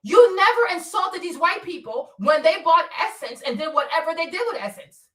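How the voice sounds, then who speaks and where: A woman's voice: extremely high pitch, animated, moderate pace, pushed and bright, far from the mic. A woman from Africa hosting a livestream, talking bluntly with swearing and laughter while she answers her chat. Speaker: streamer. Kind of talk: livestream commentary.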